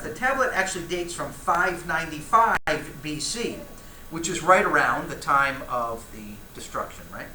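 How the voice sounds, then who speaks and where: A man leads a church Bible class, reading passages aloud and turning to his students with casual asides. His voice is bright and forceful. The room is roomy and echoey, with a faint hum of ambience behind him. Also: on the high side.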